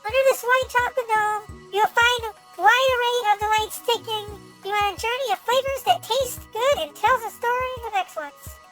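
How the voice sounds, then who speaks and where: A young woman streamer reads a game's text aloud in a very high, girlish voice. She stumbles over words and bursts out in excitement as she comments. Soft music plays faintly underneath. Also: moderate pace, few pauses, rough recording. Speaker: VTuber streamer.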